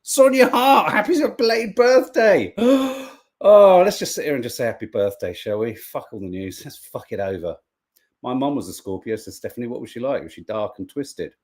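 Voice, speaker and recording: Animated, jokey male podcast host. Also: medium pitch, moderate pace. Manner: jokey, animated, swears freely. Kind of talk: casual live-stream chat, reading viewer comments.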